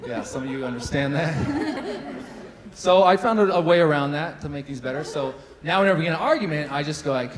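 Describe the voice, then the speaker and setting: A man's voice: on the high side, big pitch swings, brisk, low-quality recording. A man in his thirties doing a stand-up comedy set, chatty and self-deprecating, with lots of fillers. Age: 30s. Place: large hall with a live audience. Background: audience laughter.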